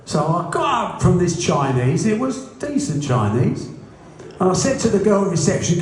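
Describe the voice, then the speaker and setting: Brief: man, boxing promoter, blunt and funny anecdotes, animated delivery, very echoey room. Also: high-pitched, normal speed, a little hiss or hum. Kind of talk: anecdotal interview storytelling.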